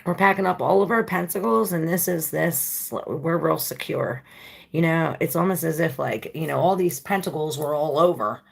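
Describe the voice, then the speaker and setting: A woman's voice: deep voice, vocal fry, slightly rough. A woman giving a casual tarot reading, talking to her viewers in a loose, rambling, informal way. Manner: chatty, talks to viewers directly. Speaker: tarot reader.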